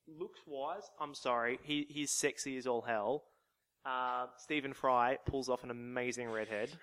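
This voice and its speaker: Mid-pitched male guest; keen, jokey, chatty. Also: steady tone, a little slow, a bit bright. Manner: enthusiastic, joking. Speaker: podcast guest. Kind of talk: casual chat.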